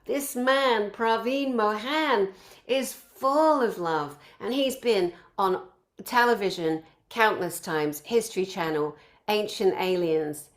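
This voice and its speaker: A woman organizing a conference, introducing its speakers one by one and piling up effusive praise in long lists. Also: medium pitch.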